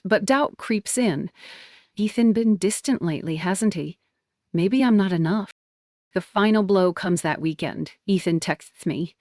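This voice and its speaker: A young woman narrating a personal story in the first person, with a soft, even manner. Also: on the low side, measured pace, no room sound, clean studio sound.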